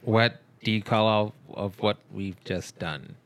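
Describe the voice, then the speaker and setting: A man co-hosting a podcast in casual banter, cracking deadpan, absurd jokes. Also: lowish voice, a little slow. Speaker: podcast co-host.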